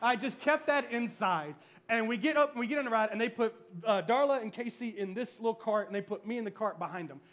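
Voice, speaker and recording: A middle-aged man preaching in church, his voice sitting very high and ringing bright. He tells his stories with animated, comic energy. His delivery is a lively sermon to a congregation. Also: brisk. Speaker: pastor. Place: church service before a congregation.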